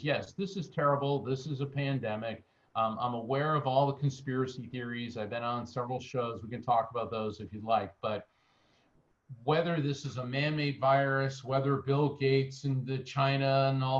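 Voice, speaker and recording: American guy spinning stories in an interview, does little voices for folks, kinda muffled audio. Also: mid-range voice. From United States. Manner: animated anecdotal storyteller, acts out quotes. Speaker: guest medium and author. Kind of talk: interview storytelling.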